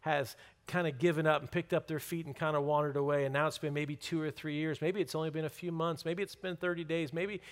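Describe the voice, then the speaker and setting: Pastor, man, fairly high voice, casual joking sermon, emphatic. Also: steady tone, fairly quick, hardly any pauses. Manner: conversational, jokey, emphatic.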